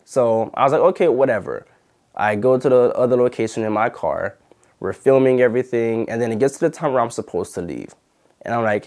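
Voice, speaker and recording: A man's voice: mid-range voice, fairly quick, darkish tone. A man hosting his channel, telling a personal story in a chatty way with lots of fillers. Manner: chatty, retells arguments, many fillers. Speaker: YouTube channel host. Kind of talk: casual storytime vlog.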